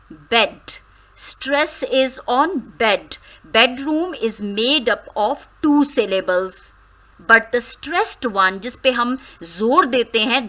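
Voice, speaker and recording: A woman teaches a grammar lesson, sounding words out carefully syllable by syllable. Her voice is bright and a little high, and she speaks at an unhurried, deliberate pace. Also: rough recording. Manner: slow, careful syllable-by-syllable drilling; switches briefly into Hindi.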